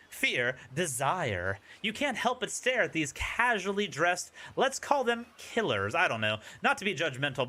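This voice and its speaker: A man's voice: fairly high pitch, sharp tone. A man streaming a dating sim, reading its narration aloud with playful, wry asides.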